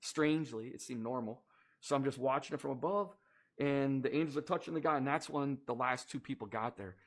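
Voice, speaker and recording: A man giving an earnest personal testimony, speaking in a measured way and pausing to search for words. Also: mid-range voice. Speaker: storyteller recounting a personal near-death experience.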